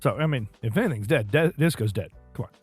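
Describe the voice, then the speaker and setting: A man's voice: mid-range voice, expressive, fast, husky, soft background music. Rambling casual podcast co-host, man. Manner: rambling, filler-heavy, laughs at own asides. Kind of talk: casual chat.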